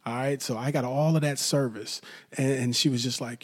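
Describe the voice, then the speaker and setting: Man, solo podcast host, chatty storyteller, middle-pitched. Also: normal speed, a little mellow. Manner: rambling, storytelling with acted-out quotes. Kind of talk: solo casual podcast talk.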